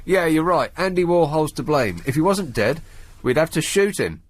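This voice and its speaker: A man's voice: on the high side, lively intonation, normal speed, slight background noise. A man hosting a radio phone-in in a studio, talking casually in a sardonic, mocking way. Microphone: studio microphone.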